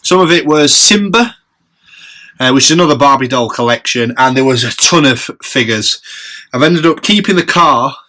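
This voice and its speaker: A man's voice: medium pitch, lively intonation, moderate pace, sharp tone. A man, chatting casually on his vlog and running upbeat tallies of prices and profit. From England. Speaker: reseller vlogger. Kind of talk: casual chat.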